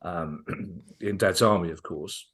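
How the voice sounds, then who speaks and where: A man's voice: low-pitched, slow, a bit bright. A man on a podcast as guest comedian, telling a long, enthusiastic anecdote and often restarting his sentences. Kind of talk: casual podcast storytelling.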